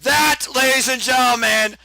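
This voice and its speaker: A man calling a wrestling match live, in rapid, excited play-by-play. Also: extremely high pitch, gravelly, noisy background. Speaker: play-by-play commentator. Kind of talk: live wrestling watch-along commentary.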